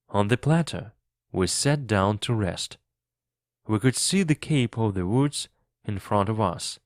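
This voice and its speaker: A man reads a storybook aloud for language learners in a clear, deliberate way. His voice sits low, and he takes his time over every phrase. The recording is dry and close, with no room sound. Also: no room sound. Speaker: narrator and English teacher. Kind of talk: slow audiobook reading for learners.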